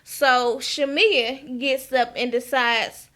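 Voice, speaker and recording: A woman's voice: high voice, takes it slowly, few pauses, bright, forceful tone. A woman giving a frank, chatty recap of a TV episode and often asking "okay?". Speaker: reality TV recap vlogger.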